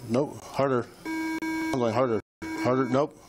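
A male police officer recorded on a body camera, talking at a middling pitch as he patiently coaches a breath test with short, repeated commands. The audio is noisy, with a clear hiss and room sound under his voice. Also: fairly even intonation, unhurried. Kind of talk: bodycam breath test instructions.

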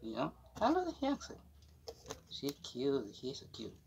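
A young man vlogging in halting, broken English as he shows off a new jacket, rambling with fillers, restarts and giggles. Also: mid-range voice, wildly swooping pitch, creaky, noisy background. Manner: non-native English with broken grammar. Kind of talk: casual unboxing chat to camera.

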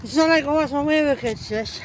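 A woman's voice: sits high, brisk, crowd noise. An English woman filming a casual vlog on a walk in a park, chatting and teasing with her sister. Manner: chatty, teasing, laughs often. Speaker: vlogger filming. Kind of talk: casual chat. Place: park outdoors. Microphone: handheld phone camera.

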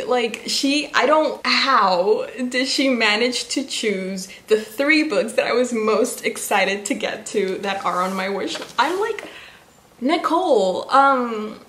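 A woman's voice: mid-range voice, takes it slowly, fairly bright tone. A young woman vlogging about books she was given, gushing and giggly, with lots of fillers. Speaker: book vlogger. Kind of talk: casual vlog unboxing. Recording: echoey room with faint noise.

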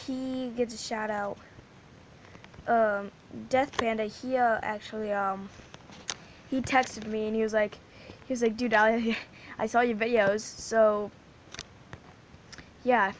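A woman's voice: a little high, a little hiss or hum, low-quality recording. A female gaming channel host giving casual, rambling gaming commentary, giggling and restarting her sentences often.

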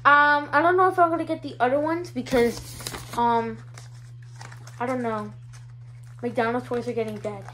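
A woman's voice: a little high, steady tone, normal speed, long pauses, fairly bright tone, slight background noise, rough recording. A female vlogger showing her toy collection in a hyper, giggly, rambling way. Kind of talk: casual show-and-tell vlog.

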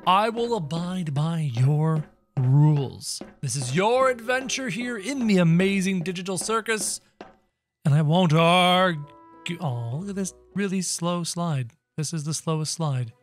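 A man giving playful, excitable let's-play commentary, chatting to game characters and his viewers as he plays. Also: fairly high pitch, unhurried, faint music behind. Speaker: gaming channel host.

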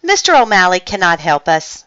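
A woman's voice: fairly low pitch, sing-song, normal speed, pushed and bright, clear, resonant tone, dry recording, highs cut off. A woman voicing an elegant, polite mother cat in a storybook read-aloud. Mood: genteel. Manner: polite, genteel.

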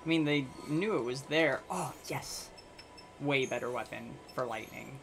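A man's voice: medium pitch, measured pace. A man hosting a gaming channel, giving casual let's-play commentary and thinking aloud to himself in a muttering way. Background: faint game music.

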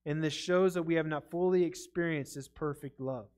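High-voiced man preaching a sermon. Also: normal speed, a little mellow, clean tone. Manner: earnest, conversational preaching with restarts. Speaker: pastor. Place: church sanctuary.

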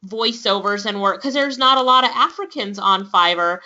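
Bright, upbeat woman hosting a webinar. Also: mid-range voice, normal speed. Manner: upbeat and persuasive, laughs often. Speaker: webinar host and online business instructor. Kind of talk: live webinar sales pitch. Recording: dull lo-fi webinar audio.

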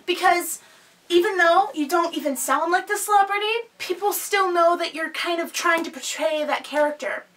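A woman's voice: very high voice, moderate pace, a bit bright, recorded from a distance. A young woman hosting her own vlog, chatting casually in a giggly, self-deprecating way. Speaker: vlogger host.

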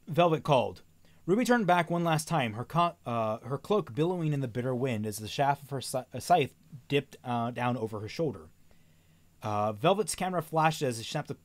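A man reading a novel aloud on a stream, often stumbling and correcting himself, with wry asides. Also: mid-range voice.

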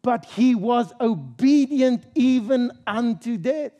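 A man with a high voice and a mellow, darker tone preaches a sermon at a church service. He drives his points home emphatically, quizzing the congregation and repeating key phrases. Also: animated, takes it slowly, muffled recording. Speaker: pastor.

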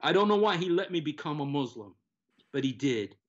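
An older man telling his personal story in an earnest, halting way, full of pauses and fillers. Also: on the high side, big pitch swings, fairly bright tone. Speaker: interviewee, former TV presenter. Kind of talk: personal testimony. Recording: dull lo-fi recording.

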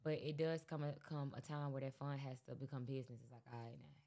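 A woman's voice: very deep voice, fast talker. A woman guest on a podcast, talking casually and rambling with lots of fillers. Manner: relaxed, rambling with many fillers. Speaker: guest rapper. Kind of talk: casual interview chat.

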